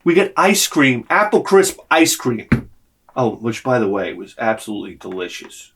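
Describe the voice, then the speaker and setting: Lively storytelling man, swears freely. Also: mid-range voice, moderate pace, slight background noise. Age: adult with a young son. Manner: expressive, swears freely, acts out the people in his story. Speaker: video creator. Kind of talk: animated personal storytelling.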